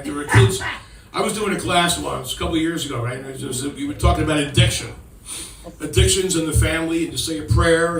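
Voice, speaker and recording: A middle-aged stand-up comedian works a comedy club stage, telling rambling stories and sometimes switching into children's voices. His slightly high voice sounds distant from the mic, the room echoes, and the audience laughs loudly, with a faint hiss or hum underneath.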